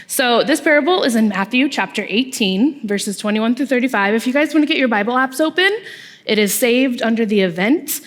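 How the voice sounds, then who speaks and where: A young woman, a small group leader, giving a conversational youth-ministry sermon with asides and tag questions in a church hall. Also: a little high. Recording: long reverb from a large hall.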